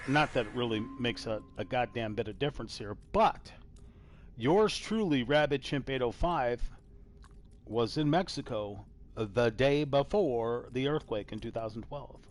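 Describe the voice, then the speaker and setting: A man hosting a live gaming stream, reading old headlines in a loose, rambling way. His voice sits at an ordinary middle pitch, jumping from loud exclamations to muttered asides, and he swears casually. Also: lively intonation, measured pace, slight background noise. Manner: rambling, swings between loud exclamations and mumbling. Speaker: host.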